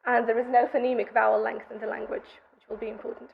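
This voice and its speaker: Woman, young adult, graduate student, conference lecture, methodical, slightly raised pitch, dull muffled recording. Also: flat delivery, quick pace, creaky, slight background noise. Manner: methodical, explanatory delivery. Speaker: graduate student presenting research.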